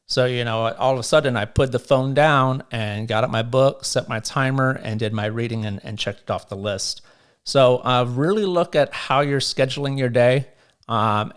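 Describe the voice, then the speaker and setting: A man's voice: medium pitch, smooth. A man hosting a solo motivational podcast, talking casually and encouragingly to listeners with frequent ums and uhs. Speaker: podcast host and real estate agent.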